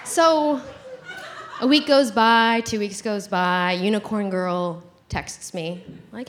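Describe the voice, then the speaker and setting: Woman, storyteller, lively pitch, giggly, acts out quotes, faint background noise. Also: takes it slowly. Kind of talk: live comic storytelling.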